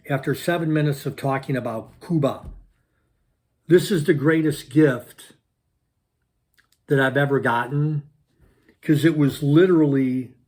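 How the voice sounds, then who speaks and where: Man telling a story with punchy asides. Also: medium pitch. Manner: animated, repetitive, punchy sound words. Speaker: channel host. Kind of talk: casual storytelling to viewers.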